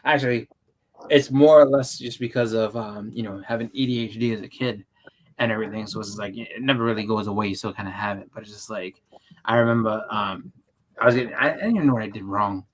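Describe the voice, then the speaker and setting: A man's voice: fairly low pitch, fast talker, a little hiss or hum. A man hosting a casual chat, rambling with restarts and fillers, acting out the people in his stories. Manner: acts out quoted voices when telling stories. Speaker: host.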